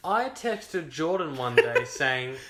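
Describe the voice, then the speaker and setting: A man's voice: fairly high pitch, sing-song, slow pace, a loud crowd. A young man, co-hosting a casual podcast from his own lounge room, laid-back and teasing. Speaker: podcast co-host. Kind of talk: casual chat. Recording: echoey home room.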